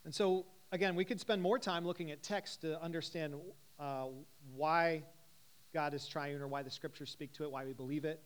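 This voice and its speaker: A man's voice: a little high, steady tone, moderate pace. A man in his thirties giving a casual teaching talk to a live group, talking conversationally with many fillers and putting questions to his listeners. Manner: conversational, frequent "uh" fillers, asks the audience questions. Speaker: teacher at a Christian ministry gathering.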